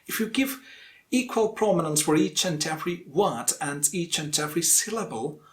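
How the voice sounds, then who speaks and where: A man teaching English pronunciation in an online lesson, modeling sentences slowly and deliberately and repeating them. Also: on the high side, lively intonation.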